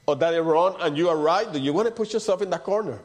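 A man preaching a sermon in a conversational way, dropping to soft low asides and rising for emphatic points. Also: quick pace. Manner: conversational preaching with repeated "you know" and "see".

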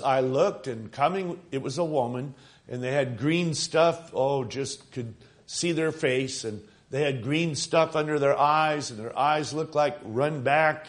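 Slightly high-voiced man preaching dramatically. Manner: dramatic storytelling, slowing and rising for emphasis. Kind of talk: sermon retelling a story.

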